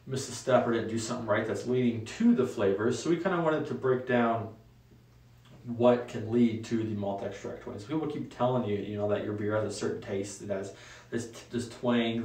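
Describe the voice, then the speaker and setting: A young adult man hosting a casual solo talk show, relaxed and rambling with frequent ums. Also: on the low side. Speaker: host. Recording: echoey room, voice a bit far from mic.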